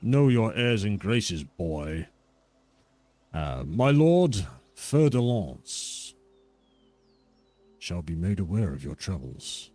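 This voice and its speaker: A haughty skeletal knight with no eyes, speaking in a low, drawn-out and pompous way, as a man puts him on. His lines are slow and lordly, and each word is weighed with cold disdain. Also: very animated, warm tone, dry recording, soft background music, full character voice. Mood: condescending.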